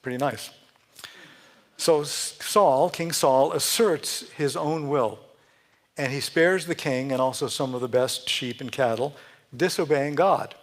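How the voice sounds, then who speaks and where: Slightly slow and mid-range in voice, a man preaches a Sunday talk in a church sanctuary. It's a chatty, joke-filled sermon in which he repeatedly begins sentences again and laughs at his own jokes.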